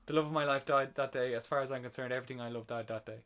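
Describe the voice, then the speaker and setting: A man's voice: medium pitch, steady tone, rapid-fire, a bit bright, clear, resonant tone. A man co-hosting a podcast, casually retelling and ranting about a film he reviews, swearing when worked up. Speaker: podcast co-host. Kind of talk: casual movie review chat.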